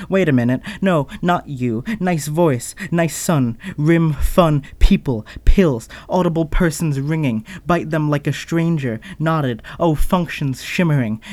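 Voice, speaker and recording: A man's voice: on the high side, a little mellow, no echo. A man performing experimental spoken-word poetry in a fragmented, associative way, breaking off with asides and apologies.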